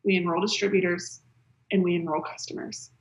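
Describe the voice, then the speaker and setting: Fast, bright woman giving a pep talk. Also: mid-range voice, reverberant, poor audio. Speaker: MLM team leader. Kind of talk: motivational team talk.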